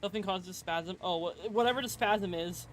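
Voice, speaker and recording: A woman's voice: fairly low pitch, moderate pace, slight background noise. A chatty woman streams a video game and talks to her viewers in a loose, rambling way. She swears without a second thought and laughs often. A faint ambience hangs behind her voice. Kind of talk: casual live-stream chat.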